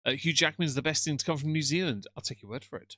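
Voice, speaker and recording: Dry-humoured man, bright and close. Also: a little high, rapid-fire, no echo. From England. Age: middle-aged. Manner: dry, teasing, sardonic. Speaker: live streamer. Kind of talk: casual stream chat, reading comments.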